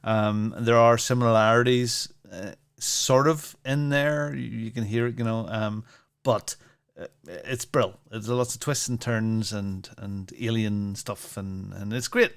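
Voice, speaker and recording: A man's voice: on the low side, measured pace, smooth. A man, co-hosting a podcast in casual, rambling chat full of fillers and restarts. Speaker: podcast co-host.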